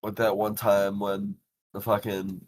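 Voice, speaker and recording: A young man hosting a podcast, telling animated stories casually, swearing freely and using lots of fillers. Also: lowish voice, unhurried. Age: young adult. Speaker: podcast host.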